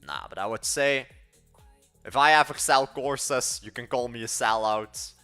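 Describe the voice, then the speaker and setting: A teenage man from Belgium with an accent that blends several European sounds, talking to viewers on a live coding stream. His voice is bright and forceful, at a middle pitch, and he rambles, restarts sentences and states blunt opinions. Faint music plays underneath. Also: unhurried, clean tone. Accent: Belgian, mixed European-sounding. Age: late teens. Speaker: livestreaming coder. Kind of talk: casual livestream chat answering viewers.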